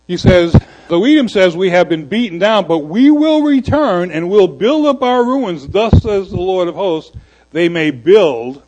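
Animated high-pitched male preacher. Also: rough recording. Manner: animated preaching with sudden drops to quiet asides. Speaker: pastor. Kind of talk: sermon. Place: church.

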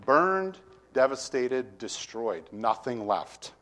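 A middle-aged man preaches with an expressive, teaching manner, swinging between loud emphasis and quiet asides. His voice sits at an ordinary middle pitch. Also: takes it slowly. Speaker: pastor. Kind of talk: sermon.

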